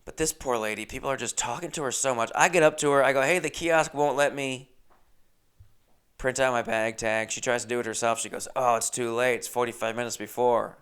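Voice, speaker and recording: A young man hosting a podcast, telling a casual story with lively asides, acting out other people's lines and swearing freely. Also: medium pitch, brisk, smooth. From Los Angeles. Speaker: podcast host.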